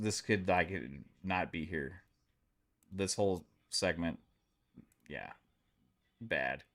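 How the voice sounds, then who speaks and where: A man chatting casually on a live stream, rambling with lots of fillers and swearing freely. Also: fairly low pitch. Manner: rambling, many fillers, profane.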